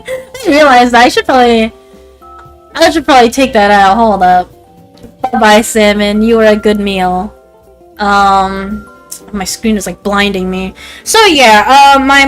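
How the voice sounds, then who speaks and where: Here a VTuber streamer, a woman in her twenties, rambles through casual stream chat, interrupting herself and filling gaps with lots of "like" and "um." She sounds high-pitched and fairly bright, captured in a rough recording.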